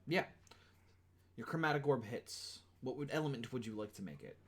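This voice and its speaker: A man's voice: medium pitch, animated, normal speed, background noise. A man running a tabletop game as game master, casual and apologetic, with many fillers.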